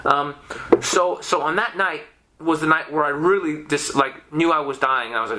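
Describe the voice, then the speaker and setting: A young man guesting on a podcast casually tells a story, swearing constantly and restarting his sentences a lot. His voice is on the high side, brisk and animated.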